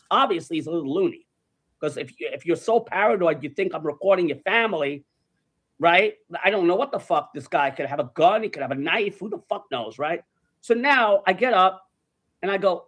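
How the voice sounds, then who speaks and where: A man's voice: high-pitched, lively intonation, brisk, a bit bright. A man from New tells a story in casual chat. He swears freely and acts out the people in his story. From New York. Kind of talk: casual anecdote telling.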